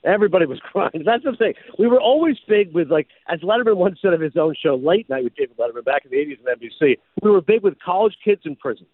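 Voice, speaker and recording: Animated man with a tinny, phone-like sound. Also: high-pitched, fast, few pauses, husky, no room sound. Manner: animated storyteller, slips into announcer voice. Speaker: podcast host and former sportscaster. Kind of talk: casual chat.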